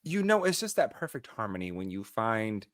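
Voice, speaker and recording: A man co-hosting a podcast, chatting casually in an animated way with quick asides. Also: fairly low pitch, dry recording, clean studio sound. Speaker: podcast co-host. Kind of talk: casual chat.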